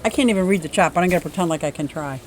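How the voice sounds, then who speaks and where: A woman's voice: lowish voice, racing, slight background noise. A woman in her fifties hosting a casual livestream outdoors, bubbly and chatty, greeting viewers by name. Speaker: livestream host. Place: outdoors in a yard.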